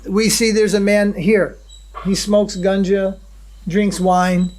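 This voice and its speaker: A man with a notably high-pitched voice gives a devotional lecture. He talks in short, halting phrases, often stopping for an "uh" or a restart. He keeps checking in with his listeners with a questioning hum. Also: little pitch movement, a little mellow. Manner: unhurried, halting, with many fillers and restarts. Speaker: spiritual teacher.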